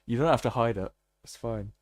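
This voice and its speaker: This is a man streaming a game live, his mid-range voice carrying a darkish tone in a recording with no echo. He jokes and laughs often throughout his casual gameplay commentary.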